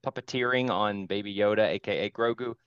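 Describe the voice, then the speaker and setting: A man's voice: on the low side, a little fast, a bit bright, clean tone, dry recording. A man co-hosting a podcast, talking casually and telling his reactions with emotion. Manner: emotional, enthusiastic storytelling. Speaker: podcast co-host. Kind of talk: casual chat. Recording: slightly dull dry sound.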